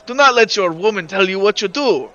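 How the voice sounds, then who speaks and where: A man's voice: sits high, animated, brisk, pushed and bright, lo-fi sound. A man voicing a chubby, wheedling male vampire who sells knives, in a tabletop game. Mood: chummy. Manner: wheedling, chummy. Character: chubby male vampire knife merchant, conspiratorial.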